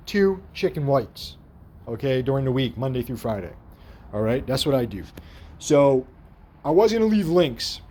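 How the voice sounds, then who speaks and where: A man's voice: on the high side, darkish tone. A man giving an indignant, profane commentary while reading headlines aloud from his screen. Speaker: commentary vlogger. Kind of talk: ranting screen-share commentary.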